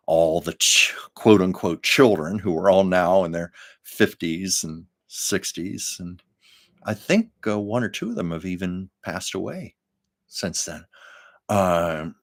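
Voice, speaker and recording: An older man hosting a casual livestream, telling anecdotes with frequent laughs and reading viewer comments aloud. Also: low voice. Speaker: livestream host. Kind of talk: casual storytelling chat.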